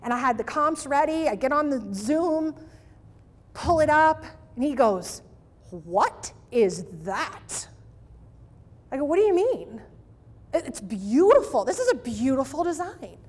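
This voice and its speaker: Female keynote presenter, high and unhurried, animated and pleading, long hall reverb. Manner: animated, emphatic, pleading asides. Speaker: keynote speaker. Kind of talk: live marketing keynote talk.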